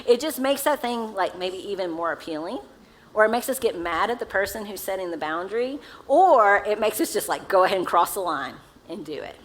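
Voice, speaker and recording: A woman's voice: mid-range voice, expressive, brisk, low-quality recording. A woman pastor with a Southern accent, preaching a sermon in a casual, conversational way and asking the congregation questions. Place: church sanctuary.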